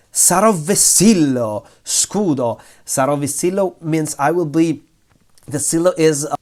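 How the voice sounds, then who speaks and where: Man teaching lyrics slowly. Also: fairly high pitch, a little mellow. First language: Italian. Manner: slow, thinking aloud, switching between Italian and English. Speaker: Italian language teacher. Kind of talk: lyrics translation lesson.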